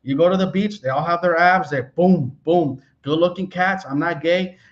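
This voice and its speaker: A man's voice: fairly high pitch, normal speed. Blunt cursing guy hosting a travel chat, muffled lo-fi call sound. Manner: blunt, profane, outspoken. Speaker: travel YouTuber, host. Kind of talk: casual chat.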